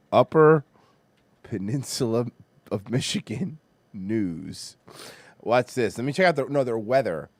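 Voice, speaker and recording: A man from Florida hosting a podcast, ranting loudly and mockingly with constant swearing. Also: medium pitch, lively intonation, takes it slowly, long pauses, no echo. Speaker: podcast host. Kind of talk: profane comedic rant.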